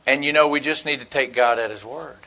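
A man's voice: mid-range voice, brisk, bright, forceful tone. A man preaching a conversational sermon, telling stories in a blunt, folksy way and asking his listeners questions.

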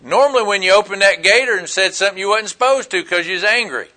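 Man, preacher, high bright voice, folksy and emphatic. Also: fast talker. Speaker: pastor. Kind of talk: sermon.

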